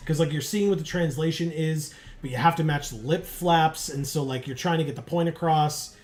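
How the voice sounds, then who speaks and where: Male stream co-host, loose and rambly, music playing low in the back. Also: moderate pace, a little mellow. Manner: rambling, many fillers and restarts. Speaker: co-host of a game livestream. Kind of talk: casual chat while playing.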